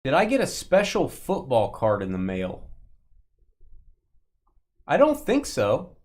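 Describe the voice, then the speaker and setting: A man's voice: medium pitch, huge pitch swings, slow pace. A man hosting a live sports card break stream, chatting and joking with viewers and greeting them by name. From Texas.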